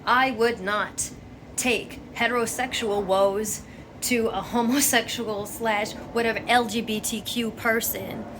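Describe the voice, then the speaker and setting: A woman's voice: fairly high pitch, fairly even intonation, measured pace, background noise. A woman giving a blunt, profane, exasperated rant to camera as a vlogger.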